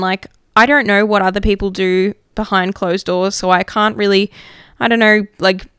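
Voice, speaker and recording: A woman's voice: mid-range voice, fairly bright tone, smooth, no room sound, studio quality. A woman hosting a podcast, talking openly and emotionally about her feelings, swearing casually and often saying "like". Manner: reflective, many fillers like "like". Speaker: podcast host. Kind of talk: candid personal monologue.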